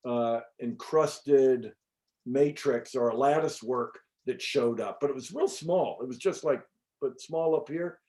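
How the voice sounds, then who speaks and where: A middle-aged man, an interview guest, telling a personal story in a casual, animated way with many fillers and the odd swear word. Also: medium pitch. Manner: animated, chatty, frequent fillers and restarts. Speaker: interview guest recounting an experience.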